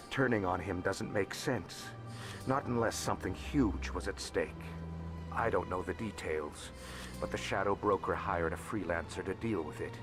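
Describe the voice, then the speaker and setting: A man voicing a calm male alien information broker who speaks deliberately and stresses single words, as a video game character. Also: low voice, lightly acted. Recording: game audio over loud music.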